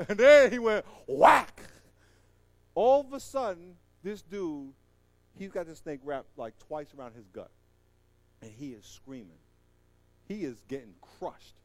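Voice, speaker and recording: A man doing stand-up storytelling, animated and acting out the voices in his story while laughing at it himself. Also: sits high. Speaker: comedian.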